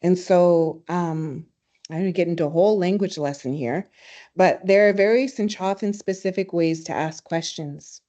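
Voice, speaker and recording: Woman giving a webinar language lesson, lowish mellow voice, warm storytelling, kinda dull call audio. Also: moderate pace. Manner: warm, storytelling, laughs easily. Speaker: language teacher and presenter. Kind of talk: reflective webinar talk.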